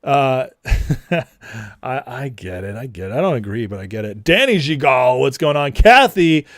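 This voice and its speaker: Mocking livestream host, dry sound. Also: male voice, medium pitch, very animated, unhurried, no room sound. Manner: mocking, laughs a lot, greets chat by name. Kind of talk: casual political livestream commentary.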